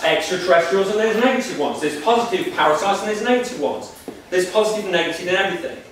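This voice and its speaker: Emphatic, high-voiced male lecturer. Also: a bit bright, a little hiss or hum. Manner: emphatic, repetitive, preacher-like. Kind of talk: spiritual workshop lecture. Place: lecture room. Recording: echoey room from a distance.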